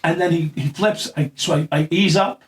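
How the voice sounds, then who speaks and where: A man's voice: a little high, moderate pace, far from the mic. A man telling a long story in casual chat, acting out quoted lines, swearing and laughing as he goes. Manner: acts out quoted lines in a raised voice. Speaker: guest.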